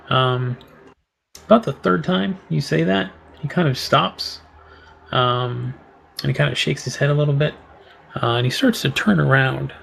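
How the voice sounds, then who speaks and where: A man narrating a tabletop game as game master, halting and full of filler words. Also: a little high, vocal fry, a bit bright, a little hiss or hum. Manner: halting, full of ums and likes.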